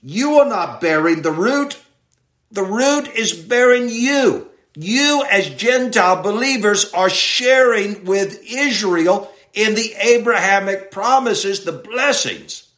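A man teaching a Bible passage verse by verse in sermon style, reading slowly and stressing key words. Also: high-pitched, fairly bright tone, reverberant. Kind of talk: expository sermon.

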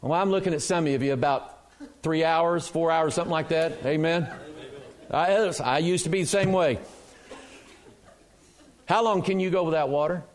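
A man's voice: a little high, normal speed, pauses often, a little hiss or hum. A man preaching a sermon in a church, asking the congregation questions and answering them himself with emphasis.

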